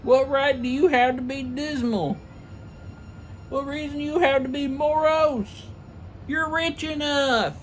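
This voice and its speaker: A man voicing a cheerful, eager young man in a comedic storybook reading, with a bright, pleading manner. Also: very high voice, fairly even intonation, takes it slowly, a little hiss or hum, pitched above the performer's own voice.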